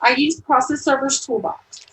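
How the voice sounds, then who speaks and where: High-voiced woman in an echoey room. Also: normal speed, a bit bright. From Texas. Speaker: guest, process server. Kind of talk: casual interview chat. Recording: roomy echo.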